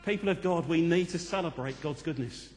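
Vicar in his fifties, high-pitched and animated sermon voice, long church reverb. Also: a little fast, soft background music. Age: 50s. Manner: animated, jokey, then earnest.

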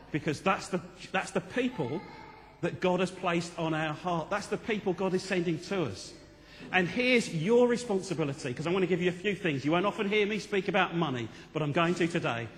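Vicar in his fifties, high-pitched and animated sermon voice, long church reverb. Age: 50s. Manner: animated, jokey, then earnest.

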